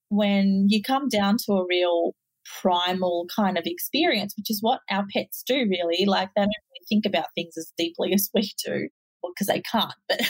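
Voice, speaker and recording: A woman's voice: a little high, gravelly, no room sound, rough recording. A woman hosting a podcast interview, telling stories and asking questions in a chatty, casual way. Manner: chatty storytelling. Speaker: podcast host.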